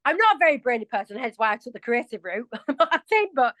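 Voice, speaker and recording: Chatty Yorkshire woman, high and dry. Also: sing-song, quick pace, fairly bright tone, no room sound, poor audio. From England. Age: 40s. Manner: chatty and self-mocking, laughs often. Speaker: interview guest. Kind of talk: casual interview chat.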